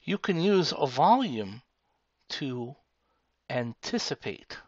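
A man teaching a tutorial, speaking slowly and deliberately. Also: mid-range voice, very animated, slightly rough, no echo. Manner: slow, deliberate, demonstrative. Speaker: speaking instructor. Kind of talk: tutorial explanation. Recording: dull lo-fi sound.

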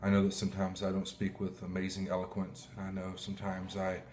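Heartfelt low-voiced man preaching. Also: monotone, darkish tone, slight background noise. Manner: heartfelt, halting, clears throat often. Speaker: pastor. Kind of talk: emotional sermon.

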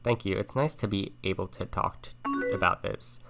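Low, gravelly-voiced young man streaming. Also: moderate pace. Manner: thinks aloud, reads on-screen chat messages in a soft conversational voice. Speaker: streamer playing a chat game. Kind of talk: casual let's-play commentary. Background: game music and keyboard typing.

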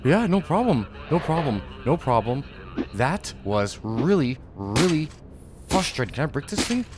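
A man's voice: a little high, sing-song, a little slow, music in the background. A man commentating a video game playthrough, exasperated and rambling, repeating himself. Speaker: gameplay commentator. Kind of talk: let's play commentary.

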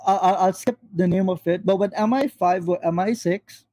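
A man argues fast and insistently on a video call. His voice sits high in pitch, yet its tone is dark and husky. The sound is dry and close. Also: no echo, rough recording. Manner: rapid, pressing, addresses opponent by name. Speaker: Muslim panelist in a debate.

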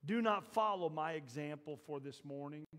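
A man preaching a sermon in a church, shifting from low, confiding talk to loud, shouted exhortation. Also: normal speed, in a large hall. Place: church sanctuary.

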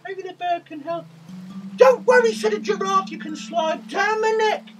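A man voicing an excitable young male rabbit puppet who loves carrots and fears foxes, reading a children's story with sound effects and cheers. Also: moderate pace, far from the mic, over music, low-quality recording. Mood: excited. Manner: squeaky, bouncy, full of sound effects and cheers.

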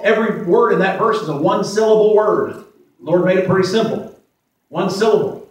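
A man in his forties preaching a sermon as pastor, plain-spoken, repeating himself and slowing down to stress verses. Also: sits high. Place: church sanctuary. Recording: echoey church from far off.

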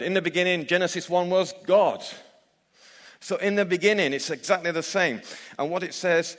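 A man's voice: sits high, normal speed, long reverb tail. A man preaching a sermon in church, emphatic and full of rhetorical questions for his listeners. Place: church hall.

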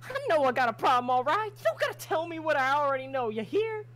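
A woman voicing a brash, house-proud bird-woman farmer with a folksy Southern drawl who scolds quickly. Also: high-pitched, big pitch swings, a bit bright, voice pushed up. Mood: scolding. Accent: American Southern.

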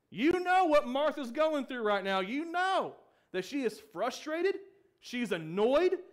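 Young man, pastor, sermon, high voice, interactive preaching, acts out quotes. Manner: preaching to a congregation, asks the room questions; acts out quoted pleas with rising emphasis.

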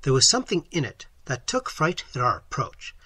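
A man's voice: mid-range voice, big pitch swings, moderate pace, sharp tone, slightly rough, dry recording. A man reading a story aloud as audiobook narrator, telling it expressively. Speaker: audiobook reader. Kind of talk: scripted narration.

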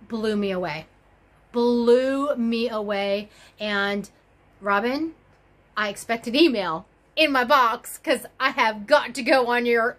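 A woman's voice: a little high, a bit bright. A woman chatting casually on her crochet video blog, rambling and gushing with lots of fillers and exclamations. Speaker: crochet YouTuber.

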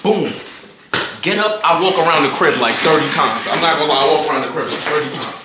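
A man's voice: on the high side, fast, background noise. A young man telling a story to his viewers in a casual, hyped way, heavy on slang and constantly checking in with the listener. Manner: hyped, slangy, keeps asking "you feel me". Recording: roomy echo.

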